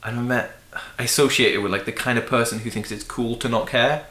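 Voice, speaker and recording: A man's voice: mid-range voice, fairly even intonation, fast talker, pushed and bright. Hesitant man in an echoey room. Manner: hesitant, thinking aloud with many restarts. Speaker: podcast host. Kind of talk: casual chat. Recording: roomy echo.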